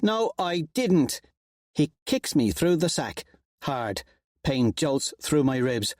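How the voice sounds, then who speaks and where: A man narrating an audiobook with an expressive, wry first-person reading. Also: mid-range voice, takes it slowly, dry recording, studio quality.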